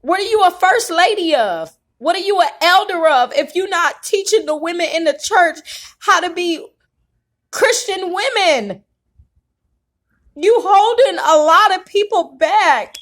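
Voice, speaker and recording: This YouTube vlogger's voice is very high-pitched and a bit bright. She delivers an emotional venting monologue with an impassioned, preacher-like cadence, crying at times.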